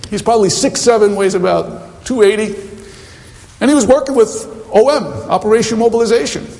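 High-voiced preacher with a gravelly edge. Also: male voice, brisk, darkish tone, a little hiss or hum. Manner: anecdotal, conversational, many asides. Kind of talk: sermon with storytelling. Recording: long reverb of a hall.

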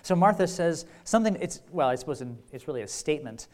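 A man preaching a teaching session with an easy, conversational manner. He sprinkles in "right?" checks and dry little jokes, and the fillers and restarts keep it relaxed. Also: a little high, fast. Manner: wry humor. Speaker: pastor. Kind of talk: conference teaching talk.

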